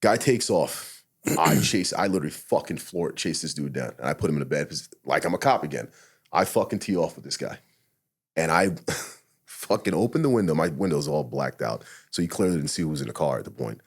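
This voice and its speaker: Deep, husky, fast-talking retired cop. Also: male voice. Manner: blunt, profane, animated retelling with acted-out inner quotes. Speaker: retired police officer, podcast guest. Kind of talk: casual storytelling interview.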